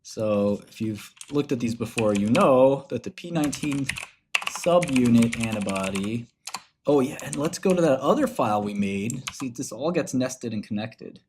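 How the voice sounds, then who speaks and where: A man of middle pitch hosts a relaxed livestream in a loose, slangy way, calling his listeners bro. Keyboard clicks tap away faintly behind him. He keeps his delivery offhand and conversational. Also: moderate pace, background noise. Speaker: finance streamer and host. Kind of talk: casual livestream chat while browsing research.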